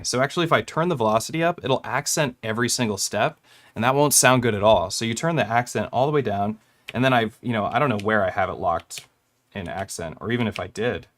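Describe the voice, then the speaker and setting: This casual gear tutorial features a young male producer whose voice is fairly low and fairly bright. He explains how he made a track on his hardware, wandering a bit and correcting himself with little chuckles.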